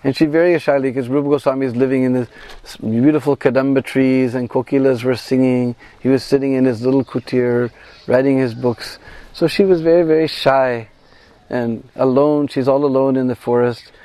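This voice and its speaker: A man guiding a pilgrimage, telling a devotional story in an animated way and acting out the quoted voices. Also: mid-range voice, normal speed, no room sound. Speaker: pilgrimage guide and devotional speaker. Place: at a shrine on pilgrimage.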